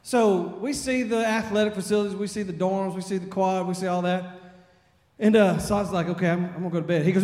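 A man from Texas, preaching at a revival and telling a folksy, animated story. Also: high-pitched, quick pace. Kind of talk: storytelling sermon. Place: church sanctuary. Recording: long church reverb.

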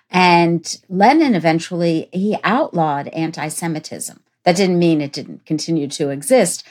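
A woman's voice: sits low, darkish tone. A woman historian, a guest on a podcast interview, explaining in an emphatic way.

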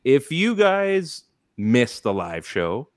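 A man's voice: mid-range voice, big pitch swings, slow pace, no echo, studio quality. A man hosting a casual sports podcast, rambling through advice with lots of fillers. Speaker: podcast host. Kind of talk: casual fantasy sports chat.

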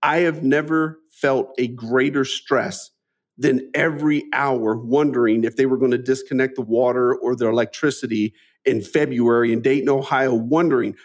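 A man in his forties speaks as a guest in a conversational interview, telling his life story with earnest, animated energy. He restarts phrases often and drops in a friendly "man" as he talks. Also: medium pitch, normal speed. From Midwestern US. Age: 40s.

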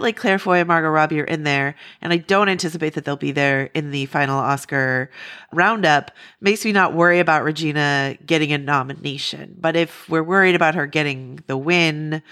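A woman's voice: low voice, pushed and bright. A woman co-hosting a casual film-awards podcast, hedging and playful, with many "like"s. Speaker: podcast co-host.

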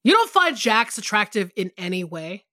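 A woman's voice: medium pitch, sing-song, normal speed, sharp tone, dry recording, studio quality. A woman co-hosting a podcast in casual chat, laughing often and reading out a listener email. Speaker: podcast co-host.

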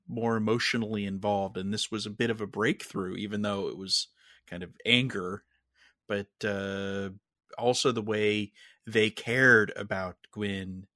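A man discusses a show on a podcast, speaking in a measured way with a bright, forceful edge. His voice is recorded dry and close. He talks casually with a few fillers. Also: lowish voice, dry recording. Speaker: podcast co-host.

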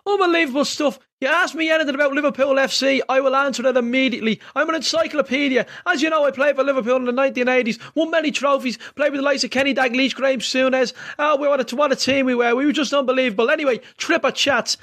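Man impersonating a bragging old ex-footballer, much higher voice, fast, a bit off-mic. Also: fairly even intonation, a bit bright. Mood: boastful. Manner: boastful, mock-grand impression. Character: older male ex-footballer, boastful, self-satisfied.

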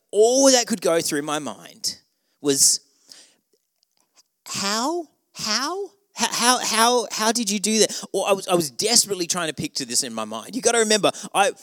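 A man's voice: on the high side, no room sound. A man, a pastor preaching a sermon through a wry, humorous personal story full of rhetorical questions.

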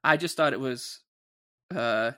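A man speaks casually on a podcast at a middle pitch, his tone bright and forward. He answers hesitantly, pausing and searching for words as he goes. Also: smooth. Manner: hesitant, halting, lots of fillers. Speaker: podcast co-host.

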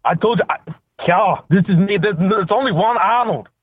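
A male caller putting on a swaggering muscleman. The voice sits high and boastful. It comes through a thin, tinny phone line. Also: normal speed, breathy edge, no echo. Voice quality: thick put-on accent, bragging. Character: boastful musclebound Austrian-accented action star impression, male.

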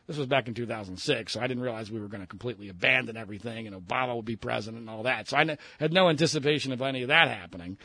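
Animated, bright-voiced man telling a story. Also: mid-range voice, dry recording. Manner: animated, profane, mimics others mid-story. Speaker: radio host telling a story. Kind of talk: casual storytelling.

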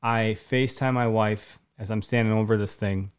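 A man in his thirties from Wisconsin, co-hosting a podcast and telling an excited story in casual chat, with lots of restarts. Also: lowish voice, normal speed, clean tone. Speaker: podcast co-host.

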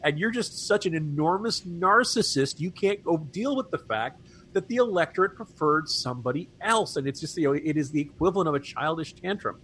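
A man's voice: fairly high pitch, animated, a little fast, a bit bright, slight background noise. A man co-hosting a political podcast, talking in a wry, chatty way. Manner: wry, chatty, laughs at his own jokes. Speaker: podcast co-host. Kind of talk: casual political talk.

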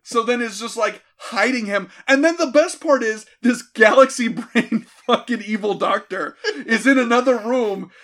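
A man's voice: very high voice, moderate pace, few pauses, fairly bright tone. A man recapping a movie with sarcastic, laughing comic riffs.

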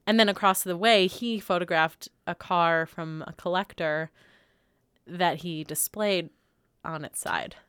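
A woman co-hosting a podcast in casual chat, chatty and quick to laugh. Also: lowish voice, a bit bright, clear, resonant tone, no echo, studio quality. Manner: chatty, laughs often, lots of fillers. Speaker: podcast co-host. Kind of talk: casual chat about art.

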